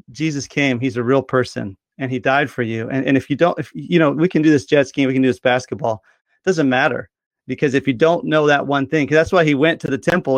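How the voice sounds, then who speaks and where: A man's voice: medium pitch, no echo. A man talking about faith in a casual discussion, earnest and appealing to listeners.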